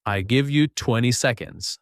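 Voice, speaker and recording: A man teaching an English lesson, speaking slowly and clearly, encouraging learners and repeating phrases. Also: mid-range voice, no room sound, studio quality.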